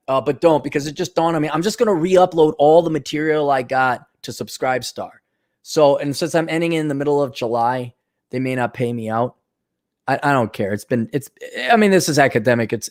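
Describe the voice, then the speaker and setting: A man from the Milwaukee area ranting in a casual vlog, blunt and sarcastic, with quick asides. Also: on the high side, a little mellow. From Milwaukee area, USA. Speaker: vlogger.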